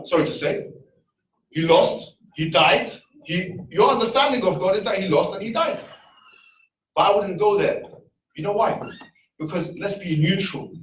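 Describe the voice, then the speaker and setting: A man's voice: on the high side, fairly bright tone, distant mic, slight background noise. Man lecturing in an echoey room. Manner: argumentative, rhetorical questions, quick asides. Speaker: speaker. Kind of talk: casual lecture to a live audience.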